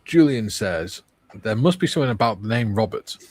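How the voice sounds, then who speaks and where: A man's voice: on the low side, animated, brisk, no echo. A man hosting a casual livestream, reading viewer comments aloud and chatting. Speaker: livestream host reading chat.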